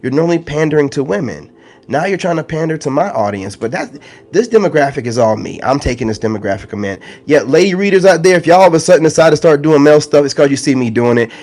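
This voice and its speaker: A man's voice: on the high side, expressive, fast, a little mellow. A man ranting straight to his viewers in a confrontational, slangy monologue, repeating his points as an online spiritual content creator. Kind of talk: ranting direct-to-camera monologue.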